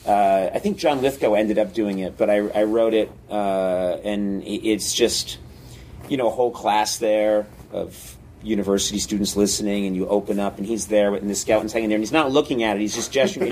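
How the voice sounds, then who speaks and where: A guest comedian in a casual interview tells stories animatedly, acting out scenes with sudden yelps. His voice sits on the low side and moves fairly quickly, with a little hiss or hum in the recording.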